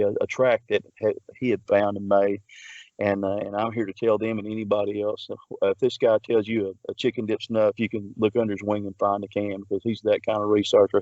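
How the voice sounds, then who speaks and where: A man's voice: lowish voice, darkish tone, no room sound, dull audio. A man, a Bigfoot researcher, telling a long story in a rambling way, full of restarts and filler words. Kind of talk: casual storytelling.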